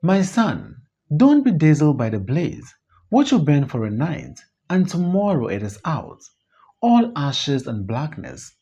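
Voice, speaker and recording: A reader voicing a wise mother who pleads gently and earnestly with her grown son, on a dull lo-fi recording. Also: mid-range voice, huge pitch swings, measured pace, husky, heavily acted. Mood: pleading.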